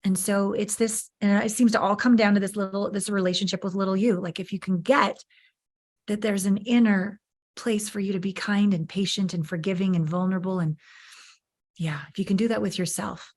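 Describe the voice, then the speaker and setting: Fifties woman coach on a podcast, blunt and expressive, middle pitch, swears a lot. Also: a little fast. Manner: frank, emphatic and expressive, swears freely. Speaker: guest, intimacy coach. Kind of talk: candid podcast interview.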